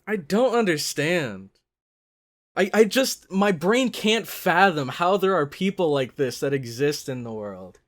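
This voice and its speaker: Reaction host, live anime commentary, gasping and exclaiming, swinging pitch, unhurried delivery. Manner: excitable, gasping, exclamatory outbursts.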